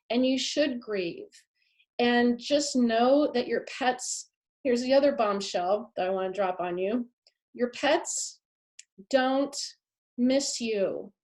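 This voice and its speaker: Woman, fairly high voice, earnest live talk, emphatic repetition. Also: a little mellow. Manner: earnest, emphatic, repeats key phrases. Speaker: pet afterlife speaker.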